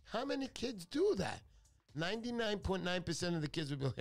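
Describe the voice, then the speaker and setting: Gravelly-voiced man hosting a talk show. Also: sits high, very animated, fairly quick, soft background music. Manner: chatty, joking, digressive. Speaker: radio show host. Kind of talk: casual talk-show storytelling.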